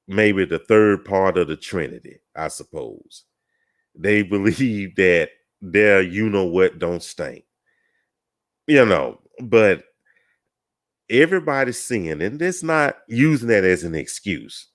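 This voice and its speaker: A low-voiced man hosts a Christian panel talk in a relaxed, folksy way. He speaks slowly, with plenty of "you know" fillers and a chuckle now and then. His tone stays casual and conversational. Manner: rambling with fillers, gets tongue-tied. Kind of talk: casual panel discussion opener.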